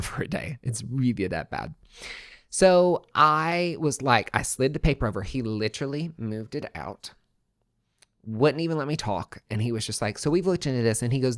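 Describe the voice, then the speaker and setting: A young adult man, a podcast host, telling a personal story in a casual way, swearing freely and swinging between hushed and excited. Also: fairly low pitch, dry recording, clean studio sound.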